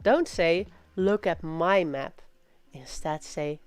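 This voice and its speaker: Slow, low-voiced woman streamer reading. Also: smooth, dry recording, faint music behind. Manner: slow, drawn-out reading with loud playful pirate exclamations. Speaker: livestream host. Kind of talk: reading aloud on a casual stream.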